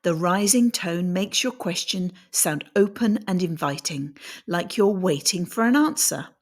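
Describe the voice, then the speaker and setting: A woman giving a scripted English pronunciation lesson, deliberately demonstrating how her voice rises and falls. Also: on the low side, lively intonation.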